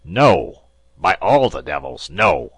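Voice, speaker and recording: A man voicing a furious, explosive American ship captain who shouts his lines in an audiobook. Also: low voice, animated, moderate pace, no echo. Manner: shouting, bellowing outbursts. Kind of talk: audiobook character voice.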